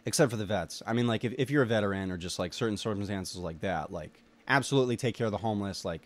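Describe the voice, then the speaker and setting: A young adult man with a lowish voice talks fast in a rambling solo podcast monologue. He rants with heavy swearing and lots of filler words.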